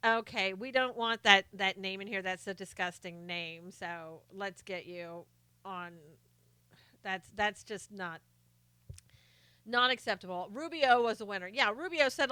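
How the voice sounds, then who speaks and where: A woman's voice: medium pitch, a little slow, sharp tone, clean tone, no echo. A middle-aged woman hosting a live stream, chatting casually and sarcastically about politics while greeting viewers by name.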